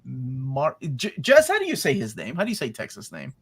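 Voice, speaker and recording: A man hosting a casual panel chat, animated and self-mocking as he stumbles over names. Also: mid-range voice, moderate pace, slightly rough, no echo. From Kentucky. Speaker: host.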